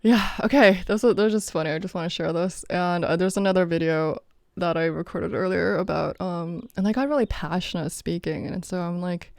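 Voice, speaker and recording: A woman's voice: fairly low pitch, fairly quick, creaky, no room sound, studio quality. Laughing, rambling woman vlogger. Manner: laughs often, rambling with many fillers. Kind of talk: casual reflective vlog monologue.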